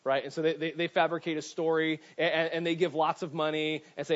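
A man's voice: a little high, fairly even intonation, fast talker. Man preaching with lots of "right?". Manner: conversational preaching, many restarts and "right?" asides. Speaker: pastor. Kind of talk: sermon. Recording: dull lo-fi sound.

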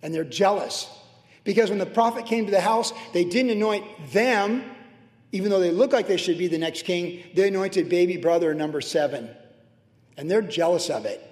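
A man's voice: high voice, normal speed, a little mellow. A middle-aged man preaching a sermon as pastor, conversational and humorous, with personal asides. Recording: roomy hall reverb.

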